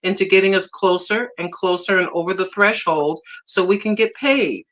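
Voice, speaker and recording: Bright-voiced effusive woman streamer. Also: mid-range voice, normal speed. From Puerto Rico. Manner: excited, effusive, repeats herself. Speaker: livestream host. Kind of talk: casual livestream chat.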